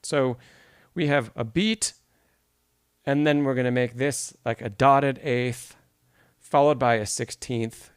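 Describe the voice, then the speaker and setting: A piano teacher leads a live-streamed masterclass in a clear, resonant, mid-range voice, speaking slowly with frequent pauses. He walks through notation step by step, answers questions read from the chat, and sings rhythms aloud to make a point. The sound is close and dry with no echo.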